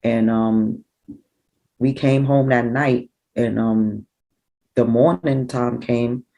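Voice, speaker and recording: A middle-aged woman, a grieving mother recounting events in an interview, animated and acting out what people said. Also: extremely low pitch, slow, vocal fry, poor audio. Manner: animated, acts out quoted dialogue. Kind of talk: emotional personal storytelling.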